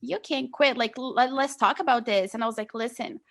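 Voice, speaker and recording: A woman's voice: fairly high pitch, normal speed. A young adult woman telling her story as a podcast guest, earnest and casual, with lots of "like" and "you know". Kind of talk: casual conversational interview.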